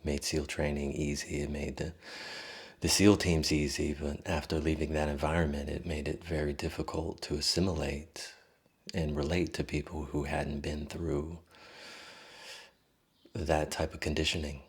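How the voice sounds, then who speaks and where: A man with an extremely deep, husky voice tells his story in an interview. He speaks candidly and reflectively, pausing often between thoughts. His low, rough tone stays calm and unhurried. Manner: candid, reflective, with pauses and fillers.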